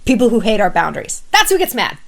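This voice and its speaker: A woman's voice: mid-range voice, huge pitch swings, fast, vocal fry, a bit bright. A woman vlogger giving blunt, emphatic friendship advice to camera in a casual monologue, swearing freely.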